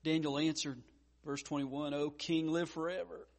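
A male pastor preaching a sermon, with frequent stammered restarts and wide swings between loud urgency and hushed tenderness. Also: fairly high pitch, little pitch movement, moderate pace, gravelly.

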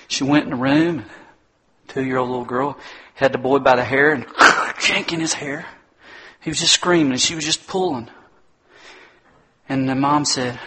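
A man's voice: mid-range voice, breathy edge. A middle-aged man preaching a sermon, telling folksy stories and acting out the voices of the people in them. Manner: folksy, animated storytelling with mimicked voices.

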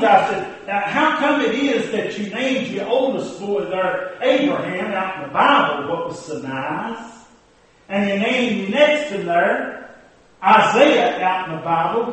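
A homespun old country preacher, voiced by a man with a drawl and a rural turn of phrase. His voice sits high and he unhurriedly lets each line land. The recording is heavily echoey and sounds as if the mic is well away from him. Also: a bit bright, far from the mic. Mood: folksy. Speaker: storytelling preacher character. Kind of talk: comic monologue with hymn snatches.

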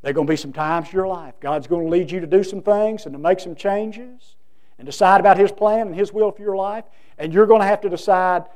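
A man's voice: high-pitched, brisk, a little mellow. A man preaching a sermon as pastor, folksy and emphatic, acting out the voices of the people in his stories.

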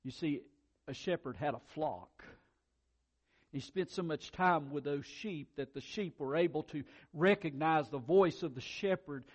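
Animated man preaching a sermon. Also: fairly high pitch, unhurried. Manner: animated, swings between loud emphasis and quiet asides; repeats words when excited. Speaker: pastor.

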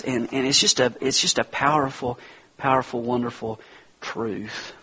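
A male pastor preaching a sermon with passion, swinging from loud urging down to a near whisper. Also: mid-range voice, moderate pace, gravelly, slightly rough, low-quality recording.

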